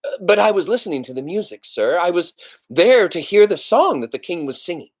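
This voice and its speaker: A man voicing a small, gentle young mouse who answers softly and earnestly. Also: high voice, big pitch swings, fairly quick, pitched above the performer's own voice. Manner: soft, earnest, timid answers.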